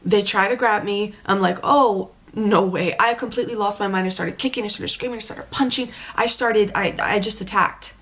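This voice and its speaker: A woman recounting a frightening dream experience in casual personal storytelling, animated and halting, with many restarts and repeated words. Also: medium pitch.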